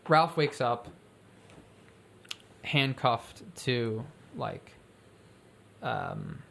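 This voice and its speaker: Rambling, animated story-pitching speaker. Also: very slow, gravelly, slight background noise. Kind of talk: casual brainstorming chat.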